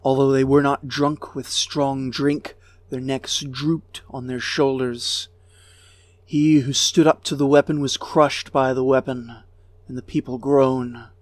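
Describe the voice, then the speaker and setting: Slow, solemn male narrator. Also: medium pitch, little pitch movement, dry recording. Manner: slow, grave, measured delivery. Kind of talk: solemn reading of an ancient lament.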